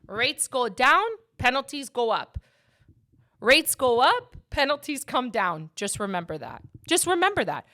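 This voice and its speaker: A woman's voice: fairly high pitch, bright, forceful tone. A woman hosting a casual podcast as a mortgage agent, talking with emphatic passion and speaking straight to her listeners.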